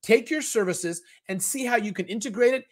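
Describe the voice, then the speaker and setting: A male host with a high-pitched voice runs a live-stream question and answer session. He fires off answers in a chatty, energetic way, with casual slang. He often piles up repeated words to stress a point. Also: brisk. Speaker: host of a live online business summit.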